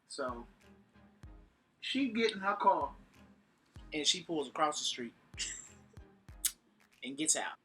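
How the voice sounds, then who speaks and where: A man tells a story in a casual, animated voice with a sharp, bright tone. He acts out the quotes and breaks into laughter often. Soft music plays faintly behind him. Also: fairly high pitch, slow, pauses often, husky. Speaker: vlogger recounting a fight. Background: faint background music.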